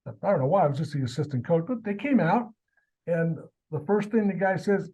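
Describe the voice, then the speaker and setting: A man, a high school athletic director, telling stories as a guest in a casual interview and acting out the people in them. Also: fairly quick, muffled recording. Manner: animated, acts out the people in his stories.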